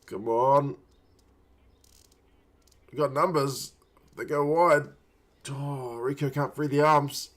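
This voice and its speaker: Brief: male stream host at home, mid-pitched, chatty, muttering play-by-play and cheering players on. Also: steady tone, slow pace, long pauses, a bit bright. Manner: muttered reactions, urging players on. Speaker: watch-along stream host. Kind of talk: casual live match commentary.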